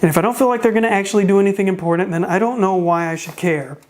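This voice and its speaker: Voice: medium pitch, very fast, slight background noise. A wrestling show reviewer in a casual spoken review, sarcastic and full of rhetorical questions, with a voice that is starting to give out. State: starting to lose voice.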